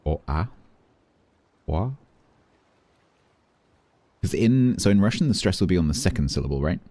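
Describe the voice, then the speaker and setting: Deep, lively-voiced male game streamer. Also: normal speed, dry recording. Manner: chatty, thinks aloud while playing. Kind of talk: casual live-stream commentary.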